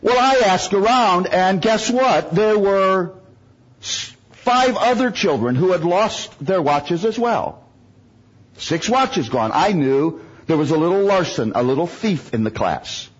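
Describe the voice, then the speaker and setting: A man's voice: on the high side, slightly rough, dull audio. A man from the United States preaching a sermon, telling humorous stories and making self-mocking jokes.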